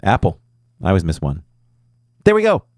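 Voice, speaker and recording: A man hosting a live podcast, chatting casually and signing off in an upbeat, animated way. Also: low voice, moderate pace, dry recording, studio quality. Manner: upbeat, animated sign-offs. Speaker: podcast host.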